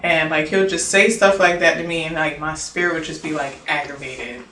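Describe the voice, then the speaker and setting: A young woman of Haitian origin telling a personal story in casual, animated talk, full of fillers and quoted dialogue. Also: sits low, moderate pace. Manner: animated, filler-heavy, quoting herself and others. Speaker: interview guest. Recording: roomy echo, distant mic, faint noise.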